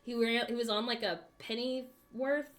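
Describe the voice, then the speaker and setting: A woman's voice: on the high side, fairly even intonation, moderate pace. A young woman from the United States in casual chat, telling a long dream story with lots of fillers and laughs. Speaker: co-host. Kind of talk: casual chat on a craft stream.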